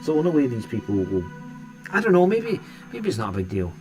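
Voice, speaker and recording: A man's voice: medium pitch, wildly swooping pitch, brisk, a little mellow, soft background music. A Scottish man hosting a live stream and chatting casually with viewers, rambling and restarting his sentences often. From Scotland. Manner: rambling, hesitant, many restarts.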